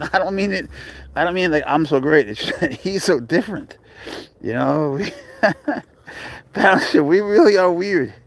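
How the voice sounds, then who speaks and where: A man's voice: fairly high pitch, no echo, poor audio. Chatty cursing man cooing at his cat. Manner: profane, laughs often, coos baby talk at his cat. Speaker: cat owner live-streaming with his pet. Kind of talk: casual live-stream chat.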